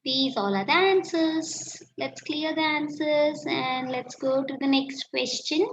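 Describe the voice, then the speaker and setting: High-voiced woman teacher in an echoey room. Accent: Indian English. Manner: slow, repeats phrases while writing answers. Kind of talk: classroom lesson, dictating answers. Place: classroom. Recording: echoey room, dull lo-fi sound, faint noise.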